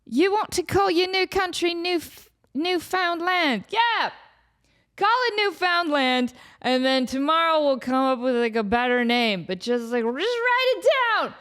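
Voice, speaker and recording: A woman voicing a drunk, careless male explorer who talks in a loud, lazy, dismissive way. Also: high voice, lively intonation, unhurried, pitched above the performer's own voice.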